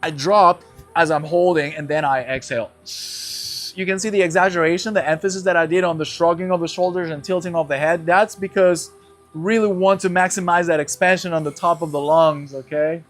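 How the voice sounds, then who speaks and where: A man's voice: high-pitched, fairly even intonation, a little fast, faint music behind. A man teaching a guided breathing lesson, explaining each step and checking in with his class as he goes. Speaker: breathwork instructor.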